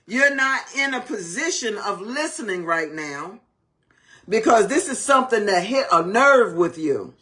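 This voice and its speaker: Woman preaching to camera, emphatic, asks lots of rhetorical questions, pitch jumps all over. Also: lively intonation, unhurried, a bit bright. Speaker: marriage teacher and minister. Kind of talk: preaching-style teaching to camera.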